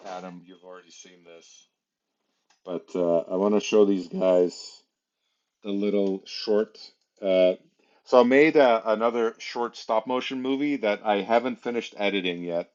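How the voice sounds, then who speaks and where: A man's voice: sits low, darkish tone. A man hosting a casual livestream, chatting loosely with laughs and plenty of fillers. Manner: rambling, chatty, laughs often, many fillers. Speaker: livestream host. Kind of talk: casual live-stream chat. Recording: dull lo-fi sound.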